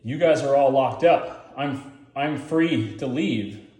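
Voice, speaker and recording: A man's voice: medium pitch, slow, darkish tone, reverberant, natural voice. A man voicing a defiant young boy who sounds stubborn and self-assured.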